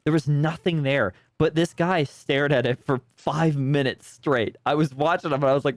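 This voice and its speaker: A man's voice: fairly high pitch, steady tone, moderate pace, hardly any pauses, no room sound. A man streaming a detective game, rambling and sarcastic in casual commentary at a desk microphone.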